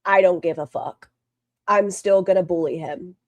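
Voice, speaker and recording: A woman's voice: fairly low pitch, moderate pace, a little mellow, no room sound, dull audio. A woman streamer giving casual livestream commentary, blunt and profane with a rambling delivery. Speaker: streamer commenting on online drama.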